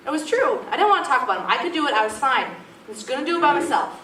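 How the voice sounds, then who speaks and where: A woman's voice: a little high, lively intonation, fast talker, bright, forceful tone, a little hiss or hum. A young woman giving an earnest, confessional testimony to a youth group and urging listeners. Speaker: youth speaker. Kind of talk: personal testimony talk. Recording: echoey room from far off.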